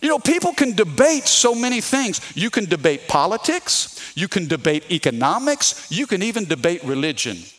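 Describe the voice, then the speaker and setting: A man's voice: sits high, very animated, normal speed, hardly any pauses, a bit bright. A middle-aged man from Louisiana with a Louisiana Southern accent, preaching a sermon emphatically and calling out to the congregation to answer him. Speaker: pastor.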